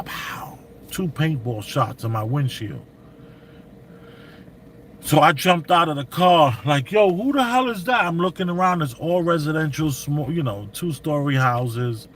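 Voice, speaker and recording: A middle-aged man, telling stories and giving commentary in animated, slangy street talk. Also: mid-range voice, a little hiss or hum. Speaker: vlogger. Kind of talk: commentary and storytelling.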